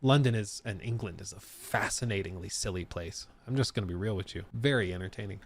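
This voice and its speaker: A man's voice: fairly low pitch, brisk, a little hiss or hum. A man streaming live, talking casually and rambling with laughs and restarts as he reacts to a video. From United States. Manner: chatty, rambling, frequent laughs and self-corrections.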